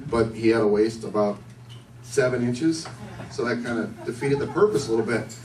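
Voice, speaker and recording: A man's voice: medium pitch, normal speed, darkish tone. Male stand-up comic, loose rambling delivery, roomy echo, heard from a distance. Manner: loose, rambling conversational delivery, asks the crowd questions. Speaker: stand-up comedian. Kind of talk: stand-up set. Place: bar comedy night. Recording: echoey room, distant mic, faint noise.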